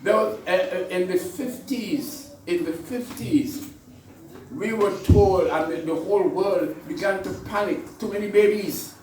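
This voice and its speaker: Priest preaching in an echoey church. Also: male voice, sits high, measured pace, a little mellow, distant mic, slight background noise. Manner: conversational preaching with repetitions and rhetorical questions. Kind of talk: sermon.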